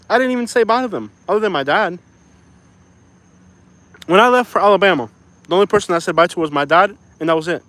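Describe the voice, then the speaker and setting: A young man with a fairly high voice rants on a casual live stream, frustrated and venting. He keeps saying "bro" and "like" and apologizes now and then for his swearing. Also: a bit bright, no echo. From Florida. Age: young adult. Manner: says "bro" and "like" often. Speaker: YouTuber reading live chat.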